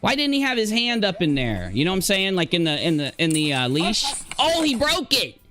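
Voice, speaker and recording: Give me a man reacting to clips on a live stream, lively and bright, laughing and exclaiming. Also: high voice, a little fast. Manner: excitable, exclaims and laughs often. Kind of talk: casual reaction commentary.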